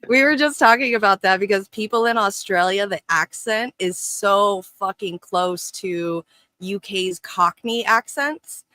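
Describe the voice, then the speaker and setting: A man's voice: sits high, a little slow, sharp tone, no room sound. A man co-hosting a casual political chat, swearing freely and laughing often. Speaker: co-host.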